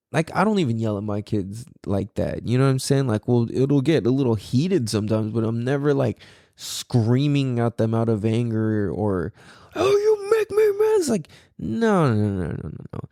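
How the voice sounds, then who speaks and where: Man, podcast host, casual rant, lots of "like" and swearing, warm low-key tone, dry sound. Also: gravelly, dry recording. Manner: animated, profane, rambling with many fillers.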